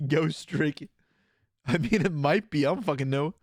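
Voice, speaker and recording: A man's voice: on the high side, animated, slow pace, long pauses, no room sound, clean studio sound. A man casually commentating his own card game play on a live stream, joking and swearing. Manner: laid-back, jokey, swears and laughs often.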